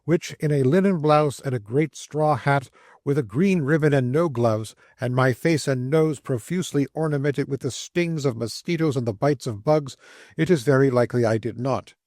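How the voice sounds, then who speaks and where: A man reading a classic travel memoir aloud as an audiobook narrator, in measured, descriptive storytelling. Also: medium pitch, darkish tone, no room sound, studio quality.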